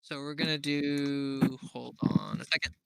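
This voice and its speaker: Slow, bright-voiced game master man. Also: on the high side, flat delivery, gravelly, smooth, no echo, low-quality recording. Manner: unhurried, laughs often, thinking aloud. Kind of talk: narrating a tabletop game.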